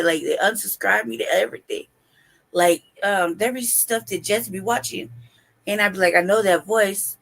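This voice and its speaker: Gravelly woman in playful trash talk. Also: mid-range voice, fairly bright tone. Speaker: co-host of a live stream talk show. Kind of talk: casual live-stream chat.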